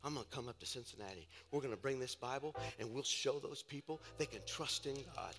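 A male pastor preaching a sermon in a church, moving from hushed storytelling asides to shouted preaching. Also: on the high side, a little fast, few pauses. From Ohio, USA. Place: church sanctuary. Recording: church service with long reverb and faint music.

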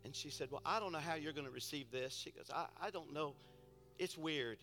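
Over soft background music, a male pastor with a fairly high voice preaches at a fairly quick pace. His fervent sermon moves from a soft, intimate story into loud, impassioned exhortation.

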